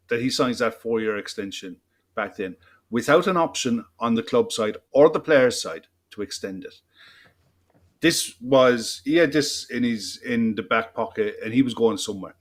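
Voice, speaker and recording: A man's voice: medium pitch, moderate pace. Blunt, emphatic football podcast man. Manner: blunt, emphatic, swears freely. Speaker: podcast co-host. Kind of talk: casual football chat.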